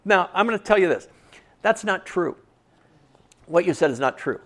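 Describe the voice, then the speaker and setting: Man, pastor, sermon, conversational, questions to congregation, fairly high pitch. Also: animated, moderate pace, a bit bright. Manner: repeats key phrases for emphasis.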